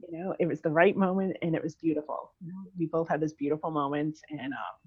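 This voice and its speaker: A guest on a conversational podcast, a woman in her thirties, speaks candidly in a low, husky voice and at a fast clip. She rambles, full of fillers and restarts, and the recording sounds dull and lo-fi.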